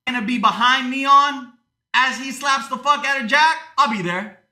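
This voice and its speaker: A man's voice: extremely high pitch, steady tone, moderate pace, bright, forceful tone. A man livestreaming in casual talk, swearing often and ranting, moving between jokes and earnest thanks to supporters.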